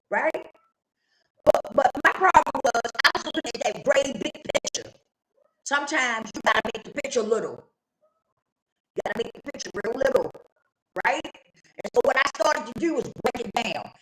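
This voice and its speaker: A woman's voice: high-pitched, a bit bright, a little hiss or hum. A middle-aged woman telling her own story candidly and bluntly, repeating phrases for emphasis and swearing casually. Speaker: vlogger sharing her recovery story. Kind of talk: candid personal testimony. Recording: echoey room.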